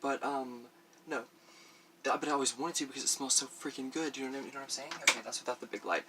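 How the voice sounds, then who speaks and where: Chatty, bright-voiced male beauty vlogger. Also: medium pitch, steady tone, fast, a little hiss or hum. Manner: chatty and rambling, many fillers, laughs often. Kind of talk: casual makeup review vlog.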